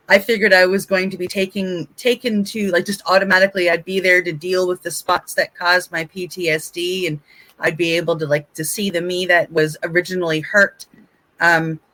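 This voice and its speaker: A woman, a show co-host sitting in as guest, recounting a personal experience in a halting, reflective way, full of "like" and "um". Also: on the low side, sharp tone, rough recording. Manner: halting, many "like" and "um" fillers.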